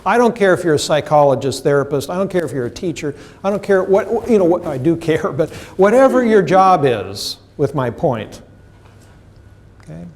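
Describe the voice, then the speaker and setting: A man's voice: a little high, sing-song, normal speed, darkish tone. A middle-aged man giving a professional development lecture to a seminar audience, emphatic and full of questions to the room, acting out the people he quotes. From United States. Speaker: seminar presenter.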